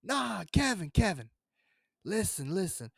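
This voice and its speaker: A man's voice: high voice, very animated, unhurried, creaky, a bit bright, husky, no room sound, studio quality, pitched above the performer's own voice, heavily acted. A man voicing his teenage friend, a boy insisting on confident bad advice in a know-it-all way. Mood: insistent.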